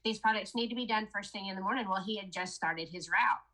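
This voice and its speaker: Chatty bright-voiced woman telling a story. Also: mid-range voice, quick pace, poor audio. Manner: chatty storytelling, addressing listeners as "you guys". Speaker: product promoter. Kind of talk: casual training talk to a sales team.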